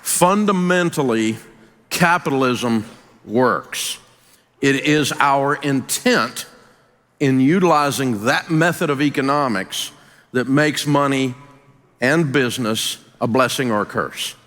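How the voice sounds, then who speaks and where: A man's voice: slow pace, a bit bright. Folksy Southern man, echoey hall. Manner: folksy, emphatic, drops low for emphasis. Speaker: business speaker and radio host. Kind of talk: folksy motivational talk.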